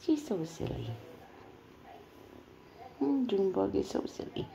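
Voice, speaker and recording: Woman, middle-aged, home phone video: gentle giggly baby talk to animals, mellow tone, unhurried delivery. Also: mid-range voice, huge pitch swings, vocal fry, a little hiss or hum, rough recording. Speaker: pet foster carer. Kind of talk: casual talk to pets while filming. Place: at home indoors. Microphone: phone camera.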